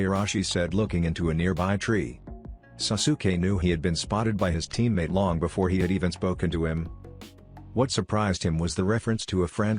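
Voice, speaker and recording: A man narrating a fan fiction story in a steady, even reading. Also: sits low, brisk, soft background music.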